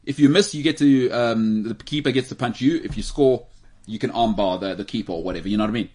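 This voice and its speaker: A man co-hosting a casual sports chat show, telling stories with quick put-on voices. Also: mid-range voice, husky. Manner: animated storytelling, puts on quick character voices. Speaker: podcast co-host.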